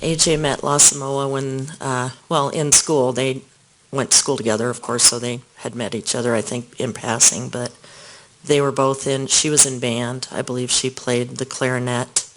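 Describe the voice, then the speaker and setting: Male witness in court; soft, hesitant testimony, average pitch. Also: level tone, a little hiss or hum, low-quality recording. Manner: soft-spoken, halting, with small restarts.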